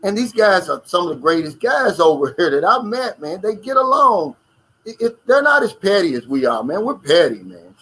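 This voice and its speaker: A man's voice: sits high, sing-song, normal speed, fairly bright tone, breathy edge, low-quality recording. An American man hosting a casual live stream, reading out viewer comments and chatting about them. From United States.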